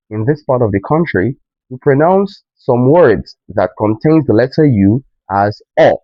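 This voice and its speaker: A man teaching pronunciation in a slow lesson, stressing each example word. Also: lowish voice, dry recording, lo-fi sound. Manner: emphatic, drawn-out example words.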